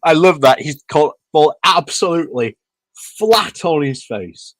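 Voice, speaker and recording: A man's voice: a little high, expressive, no room sound. Male commentator, dry close sound, sarcastic and chatty, lots of ums and chuckles. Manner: sarcastic, laughs often, halting with fillers. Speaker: video commentator. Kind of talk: mocking casual commentary.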